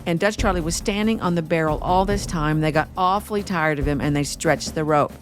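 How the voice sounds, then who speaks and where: A woman hosting a history podcast, telling an old outlaw story in a steady way with wry asides. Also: low-pitched, a little fast, faint music behind. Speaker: podcast host.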